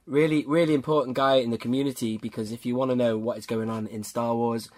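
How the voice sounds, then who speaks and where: A man's voice: mid-range voice, fairly even intonation, quick pace, a little mellow. A man hosting a podcast in casual chat, talking enthusiastically and often calling his guest "man". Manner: enthusiastic, peppers talk with "man". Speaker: podcast host.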